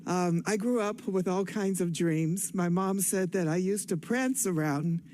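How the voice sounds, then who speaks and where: An older woman from Cleveland, giving an excited, rambling personal speech from a stage, a bit out of breath. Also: lowish voice, unhurried, a little hiss or hum. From Cleveland, Ohio. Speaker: guest speaker at an awards event. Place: stage at an event.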